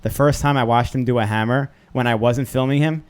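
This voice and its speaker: A man's voice: medium pitch, smooth. A man co-hosting a podcast, talking casually, chiming in often and telling his own side of the story. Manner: quick, chimes in with agreement, relaxed storyteller. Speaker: podcast co-host. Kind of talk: casual chat.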